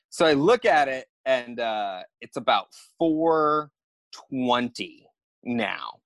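A young man, a podcast guest, telling a story in a lively way and acting out his own thoughts. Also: mid-range voice, slow pace, dry recording. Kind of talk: animated storytelling.

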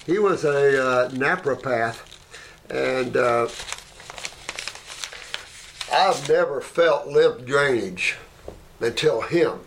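An older man, a natural healer, telling rambling anecdotes in a casual way and getting animated when he retells them. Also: medium pitch. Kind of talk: casual storytelling.

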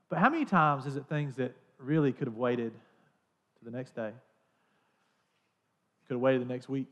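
Male pastor, fairly high voice, chatty sermon delivery with animated stories. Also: moderate pace, pauses often. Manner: conversational, animated storytelling.

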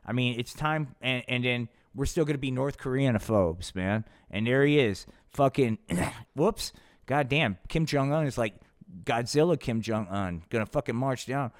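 A man's voice: mid-range voice, normal speed. A man hosting a podcast, narrating a live comedic puppet show in a rambling, profane, laid-back way. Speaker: podcast host.

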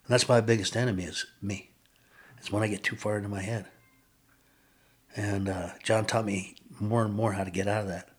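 An older man with a low, husky voice speaks as a podcast guest. He tells his personal recovery story in an earnest, reflective way and pauses often. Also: fairly even intonation.

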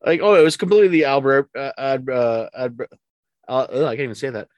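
A man's voice: medium pitch, animated, fast, dry recording. Podcast co-host, man, opinionated and joking, dry close sound. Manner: opinionated, joking, stumbling restarts. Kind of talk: casual sports chat.

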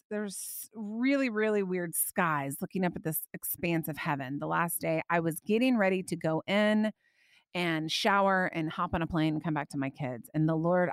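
A woman hosting a faith podcast, telling a personal story with animated, emotional delivery that climbs high when she quotes her prayers. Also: no echo, studio quality. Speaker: podcast host.

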